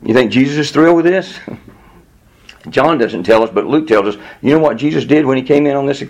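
A man preaching a Bible teaching in a conversational, animated way, often chuckling and repeating words as he goes. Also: medium pitch, brisk, gravelly. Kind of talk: sermon teaching.

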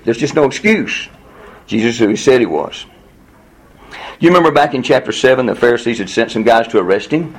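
A man at mid pitch leads a Bible class. He reads a verse, then talks it through with the group in an easy, conversational manner. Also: breathy edge, poor audio. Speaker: pastor teaching a Bible study. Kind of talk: expository Bible teaching.

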